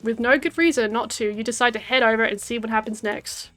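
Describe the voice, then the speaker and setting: A woman's voice: a little high, a little fast, a bit bright, faint music behind. An Australian woman in her twenties, a game streamer reading a dating game aloud with giggly, wry asides. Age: 20s.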